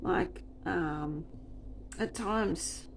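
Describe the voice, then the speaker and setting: A woman with a gravelly, creaky edge to her voice, chatting casually and wryly as she rambles through a story. Her pitch sits in a middle range, and faint ambient noise hums behind her. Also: drawn-out words. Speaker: restaurant server.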